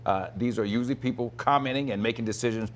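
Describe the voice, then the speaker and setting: Steady male talk show host. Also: medium pitch, fast talker. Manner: direct, steady questioning.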